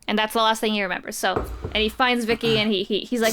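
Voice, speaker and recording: A woman's voice: on the high side, steady tone, fast talker, noisy background. A woman casually recapping a comic book story on a podcast, chatty and playful, slipping quoted lines into her retelling. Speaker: podcast co-host.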